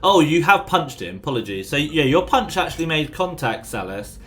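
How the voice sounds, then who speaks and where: Man, game master, lively bright voice, chatty, faint hiss. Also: fairly high pitch, normal speed. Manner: chatty, apologetic, many fillers. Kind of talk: running a tabletop game.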